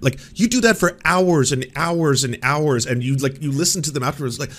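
A man's voice: fairly high pitch, a little fast, hardly any pauses, fairly bright tone. A man giving casual commentary as a streamer, swearing freely, sarcastic, and often acting out other people's lines in put-on voices. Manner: profane, sarcastic, acts out quotes in put-on voices.

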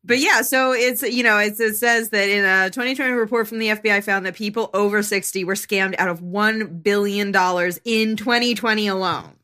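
Bright-voiced rambling woman podcaster. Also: medium pitch, brisk, hardly any pauses. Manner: rambling, many fillers and restarts. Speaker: podcast co-host. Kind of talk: casual chat.

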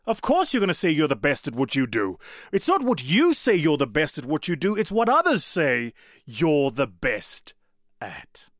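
A man giving a motivational talk, his pitch sitting a little high and swinging widely as he leans into points. He talks in an animated, conversational way, and the sound is dry and close. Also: normal speed, no room sound. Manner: animated, conversational, asks the audience. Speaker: public speaker.

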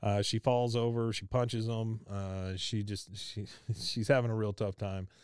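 Male podcast host, casual recap, smooth clear voice, dry close mic. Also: lowish voice, level tone, measured pace, darkish tone, no room sound. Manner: chatty, laughs often, many fillers.

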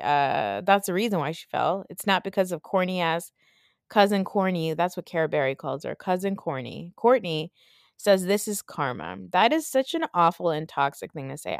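A woman's voice: on the low side, no room sound, studio quality. A woman with the flu ranting in a blunt, sarcastic way on a casual podcast, talking from her bed. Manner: ranty, blunt and sarcastic, swears freely. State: sick with the flu. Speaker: podcast host. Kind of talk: casual reality TV recap. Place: in bed at home.

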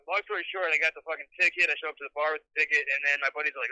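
Fast-talking young man on a phone line. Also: a little high, no echo. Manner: rambling, profane, animated quoting of others. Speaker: caller telling a story. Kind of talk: casual phone storytelling.

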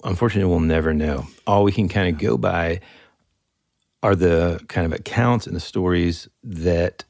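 A young man with a very low, gravelly, slightly husky voice chats on a podcast. He rambles in an animated way, full of fillers and restarts. The sound is close and dry. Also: moderate pace, no room sound. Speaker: podcast co-host. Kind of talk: casual chat.

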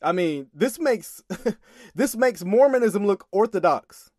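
High-voiced exasperated man reacting. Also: lively intonation, slow, a little mellow, no echo, studio quality. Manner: exasperated, laughing, emphatic. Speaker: commentator reacting to a sermon clip. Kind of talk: casual reaction commentary.

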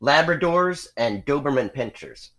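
A man's voice: mid-range voice, lively intonation, unhurried, fairly bright tone. A man co-hosting a podcast, chatting casually in a dry, wry, matter-of-fact way. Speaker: podcast co-host.

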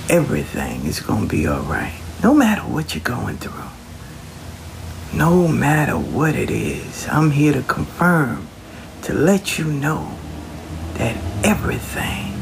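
A man offers folksy spiritual advice in a casual, reassuring inspirational talk, using Southern Black vernacular and sometimes dropping to a whisper. His voice is fairly high with vocal fry, over a noisy background.

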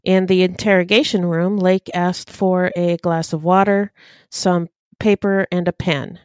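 A woman co-hosting a true crime podcast, reading out case facts in a steady, matter-of-fact way. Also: fairly low pitch, a little slow, smooth, dry recording. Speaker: podcast co-host. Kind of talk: reading case details in casual chat.

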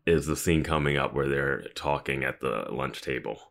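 A man with a very low voice chats on a podcast about a TV episode, joking dryly. He laughs easily and mimics scenes with mock quotes. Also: normal speed, vocal fry, fairly bright tone. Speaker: podcast co-host. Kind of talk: casual recap chat.

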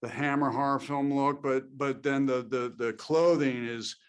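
A male actor giving thoughtful interview answers, pausing and restarting often as he works out his thoughts. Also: medium pitch, fairly even intonation, clear, resonant tone. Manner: thoughtful, halting, with many restarts.

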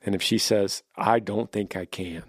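A man's voice: on the low side, fairly even intonation, moderate pace, dry recording, clean studio sound. A man hosting a podcast, giving heartfelt advice to a listener and often repeating and restarting his words. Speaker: podcast host answering listener questions. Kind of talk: earnest advice talk.

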